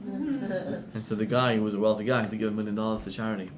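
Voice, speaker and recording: A male rabbi from Zimbabwe telling a story as part of a sermon, in an animated way that climbs to excited peaks. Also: fairly low pitch, fast, a little hiss or hum.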